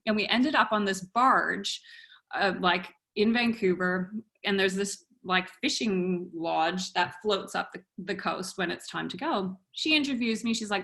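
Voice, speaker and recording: A woman's voice: mid-range voice, unhurried, vocal fry, sharp tone. A woman guest on a podcast telling a story casually and animatedly, with lots of fillers and laughter.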